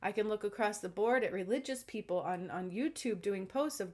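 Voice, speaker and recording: A woman's voice: mid-range voice, fairly quick, a little mellow. Earnest woman vlogging to camera. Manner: earnest, emphatic, frequent "okay?" check-ins. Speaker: self-described spiritual channeler. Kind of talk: casual monologue to camera.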